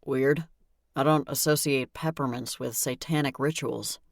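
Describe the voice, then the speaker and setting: A woman voicing a male small-town police chief in an audiobook, calm and questioning. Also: very deep voice, measured pace, no room sound, studio quality.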